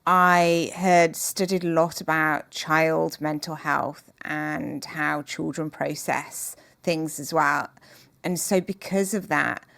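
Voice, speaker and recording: A woman guest in an interview, speaking in an earnest, measured and openhearted way. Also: low voice, vocal fry, fairly bright tone, no room sound. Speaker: podcast guest, author. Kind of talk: reflective interview conversation.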